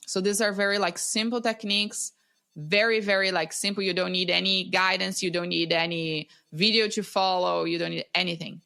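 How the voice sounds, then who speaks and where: A woman who teaches breathwork, a podcast guest explaining simple techniques in a calm, instructive way over a video call. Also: lowish voice, gravelly.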